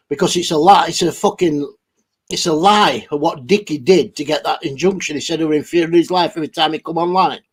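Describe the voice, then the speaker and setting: Husky, high-voiced man. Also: darkish tone. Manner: rambling, heavy swearing, blunt. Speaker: livestream host. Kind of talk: casual livestream chat reading viewer comments.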